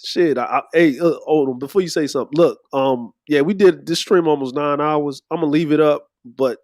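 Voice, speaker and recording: A man's voice: fairly high pitch, moderate pace, darkish tone, no echo, clean studio sound. A man hosting a live stream, chatting loosely and laid-back with lots of fillers. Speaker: stream host. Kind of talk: casual live-stream chat.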